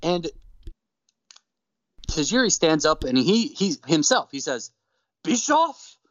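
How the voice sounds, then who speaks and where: A man with a slightly high voice tells a story with lively, swooping intonation. He slips into playful voices for the people he quotes, and the recording sounds dry and a bit dull. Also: takes it slowly, no room sound. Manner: animated storyteller, acts out quotes in put-on voices. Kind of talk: casual recap chat.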